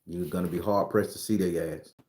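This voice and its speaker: A man's voice: sits low, steady tone, brisk, a little mellow, reverberant. A man giving spiritual predictions in a loose, profane, emphatic way, laughing often. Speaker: spiritual reader sharing predictions. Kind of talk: casual spiritual vlog talk.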